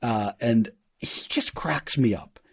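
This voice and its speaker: Animated male podcast host, dry sound. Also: mid-range voice, takes it slowly, gravelly, husky, no room sound. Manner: animated storyteller who acts out quotes and laughs often. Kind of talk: casual chat.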